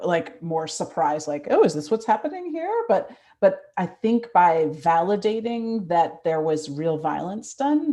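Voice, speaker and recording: A woman with a lowish voice leads a seminar discussion over a video call. She affirms what others say and then presses them with follow-up questions. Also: dark tone. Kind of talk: discussion moderation.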